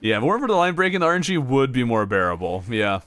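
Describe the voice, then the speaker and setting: A man streaming a video game in a relaxed, chatty way, reacting to finds and answering his viewers with frequent laughs. His mid-pitched voice swings widely up and down as he talks, with faint music playing underneath. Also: racing. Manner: laughs often between remarks. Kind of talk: casual livestream chat with viewers.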